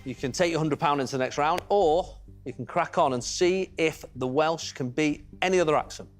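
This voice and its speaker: Jokey, higher-voiced male quiz show host. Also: fairly quick, soft background music. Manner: jokey, chatty, teasing. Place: TV studio with audience.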